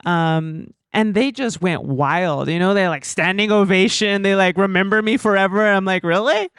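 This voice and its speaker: A woman giving conversational panel remarks at a conference, telling stories in a chatty, animated way with lots of fillers. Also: mid-range voice, moderate pace, smooth, no echo, clean studio sound.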